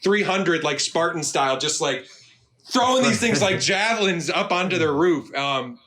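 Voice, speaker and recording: Bright-voiced man telling rambling stories. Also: fairly high pitch, lively intonation, normal speed. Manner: rambling, filler-heavy, amused. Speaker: podcast co-host. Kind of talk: casual storytelling chat.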